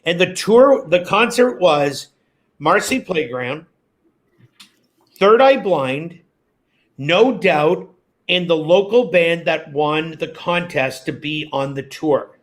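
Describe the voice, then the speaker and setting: A man's voice: a little high, slow pace. A man, a former radio host and guest, telling stories in a casual interview, acting out quotes as he goes. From Canada. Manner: animated storyteller, acts out quotes.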